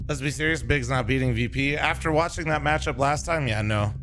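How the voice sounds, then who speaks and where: A man's voice: medium pitch, a little fast, fairly bright tone. A man streaming, chatting casually to his viewers while watching a broadcast. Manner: chatty, talks over the broadcast to chat. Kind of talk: casual livestream chat. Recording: faint music behind the voice.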